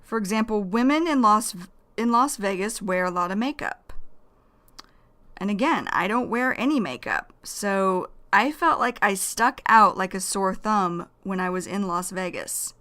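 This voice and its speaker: A woman teaching English vocabulary, explaining idioms slowly and deliberately and repeating each phrase. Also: medium pitch, lively intonation, pushed and bright.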